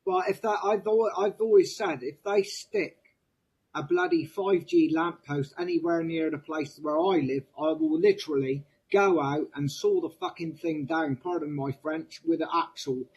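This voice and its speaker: A male host chatting casually, chummy and quick to interject, with the odd swear. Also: a little high, darkish tone, husky, poor audio. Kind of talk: conversational talk-show chat.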